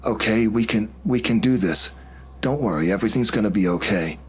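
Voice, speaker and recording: A man's voice: on the low side, brisk, slightly rough, voice pushed up. A man voicing an anxious, bewildered young man who stammers in disbelief. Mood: distressed. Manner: stammering, incredulous.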